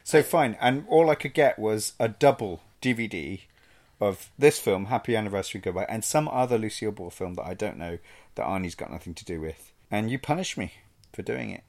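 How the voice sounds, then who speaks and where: Low-voiced earnest male podcast co-host. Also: lively intonation, brisk, darkish tone. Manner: earnest, mock-pleading, self-deprecating. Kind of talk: casual chat.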